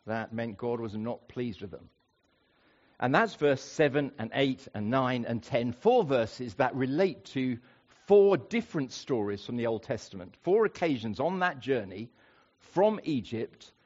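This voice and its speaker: On a dull, lo-fi recording, a man preaches a sermon expressively. He slows down and lifts his pitch to stress key points, lingering on important phrases.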